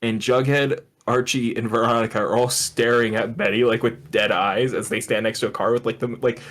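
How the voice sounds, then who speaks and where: A man's voice: medium pitch, a little fast. Laughing man retelling a show scene by scene. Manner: animated storyteller, quoting characters in put-on voices, laughs often. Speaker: podcast co-host. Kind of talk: casual comedic chat.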